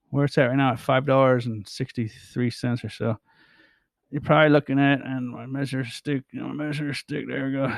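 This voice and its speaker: A man's voice: mid-range voice, no echo. A man vlogging about price charts, rambling and stammering as he repeats his phrases. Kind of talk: casual chart commentary.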